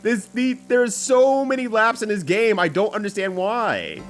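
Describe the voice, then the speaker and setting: A man's voice: high-pitched, animated, unhurried, faint music behind. A young man streaming a racing game, chatting casually with viewers, swearing freely and laughing often.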